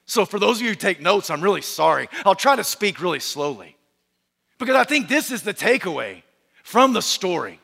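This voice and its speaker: A man preaching a sermon, emphatic and repetitive, who asks rhetorical questions and slows to a hush on key points. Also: high voice, gravelly, in a large hall. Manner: drops to quiet, slow delivery on key points. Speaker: pastor.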